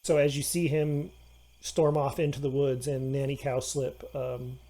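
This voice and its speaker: A man narrating a tabletop game as game master, halting with many fillers and restarts. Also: mid-range voice, level tone, vocal fry, mellow.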